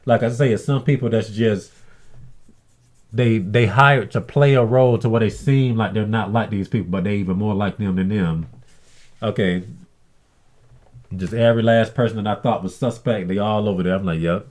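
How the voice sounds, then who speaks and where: Aggrieved man ranting, lowish voice. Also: moderate pace, darkish tone. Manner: aggrieved, blunt storytelling with frequent swearing; acts out others' lines in mimicked voices. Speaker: vlogger. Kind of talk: casual ranting monologue.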